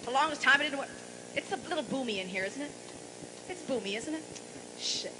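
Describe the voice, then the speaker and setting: Brassy high-voiced woman cracking dirty jokes on stage, boomy hall, loud crowd noise behind. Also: lively intonation, fairly quick. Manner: brassy, salty, mock-forgetful storyteller. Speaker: stand-up comedian and singer. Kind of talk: bawdy live stage patter. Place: large live venue, boomy room. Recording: live concert recording with loud audience noise. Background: live audience noise.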